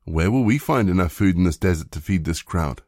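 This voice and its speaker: Worried disciples, as a male reader voices them; lowish voice, dry close sound. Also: animated, brisk, a little mellow, no room sound. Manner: plain reading voice.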